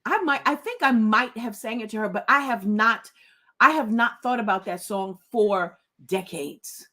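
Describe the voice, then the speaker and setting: A woman's voice: a little high, unhurried, sharp tone. A woman hosting a live book club chat, giddy and tearful with joy, laughing and reading viewer comments aloud. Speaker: livestream book club host.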